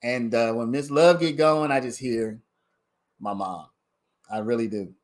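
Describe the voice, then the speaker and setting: A man with a medium-pitched voice hosts a casual livestream, speaking at an unhurried pace. He comments on a trial in a chatty way and addresses his viewers directly.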